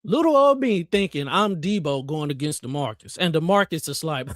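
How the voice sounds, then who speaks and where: A man hosting a live trading stream, chatting casually in an animated, joking, motivational way. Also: on the high side, normal speed, no echo. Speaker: trading livestream host.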